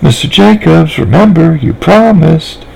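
A man's voice: a little high, expressive, unhurried, vocal fry, darkish tone, slightly rough, voice pushed up, heavily acted, low-quality recording. A man reading a story aloud, voicing a cheerful, trusting little girl in a sweet, eager child voice. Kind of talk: fan fiction reading aloud.

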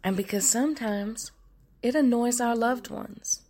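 A woman's voice: on the high side, a little slow, darkish tone. A woman playing a stern, exasperated support group leader in a comedy sketch.

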